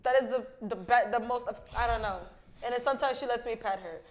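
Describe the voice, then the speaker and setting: A woman's voice: fairly high pitch, a little fast. A young woman co-hosting a podcast in casual chat, rambling and blunt, with lots of swearing and filler "like". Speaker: podcast co-host.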